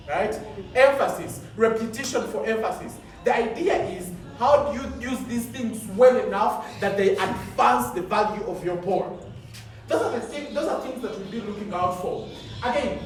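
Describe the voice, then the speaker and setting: A man's voice: high-pitched, slight background noise. A man who judges and trains poetry contestants, coaching them emphatically and driving points home with repetition and rhetorical questions. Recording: echoey hall, voice from far off.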